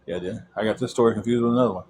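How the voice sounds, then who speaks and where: A man's voice: fairly low pitch, fairly even intonation, racing, darkish tone, slightly rough. A young man telling a long personal story in a rambling way, with many fillers and repeated words.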